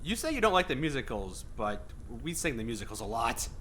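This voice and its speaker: High bright guy telling childhood stories, playful and teasing, faint noise behind. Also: sing-song, fairly quick. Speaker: gaming video co-host. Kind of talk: casual chat while gaming.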